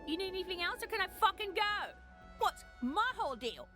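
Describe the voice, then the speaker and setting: Foul-mouthed, irritable alien; very high, lively, snapping delivery. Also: female voice, a little fast, exaggerated voice. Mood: irritated. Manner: snapping, cursing, exasperated. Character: rude, irritable alien city dweller. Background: loud game music.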